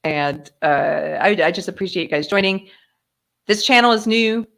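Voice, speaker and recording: A woman hosting a casual live-stream chat, telling a story with lively acted-out dialogue and frequent laughter. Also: fairly low pitch, moderate pace, vocal fry. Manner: animated storyteller who acts out dialogue and laughs often. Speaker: podcast host.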